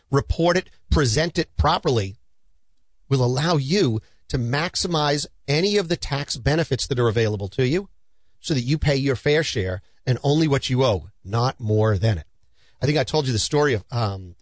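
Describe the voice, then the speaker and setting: A man's voice: a little high, no echo. Earnest, dry-voiced male financial advisor. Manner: earnest, persuasive, storytelling. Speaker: financial advisor hosting a radio show. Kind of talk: conversational advice talk.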